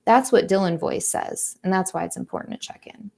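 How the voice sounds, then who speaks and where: A woman's voice: mid-range voice, a little fast, creaky, darkish tone. A woman artist and teacher chatting casually while she paints, earnest and a little preachy as she drifts into pep talks. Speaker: artist and teacher hosting a live creative stream.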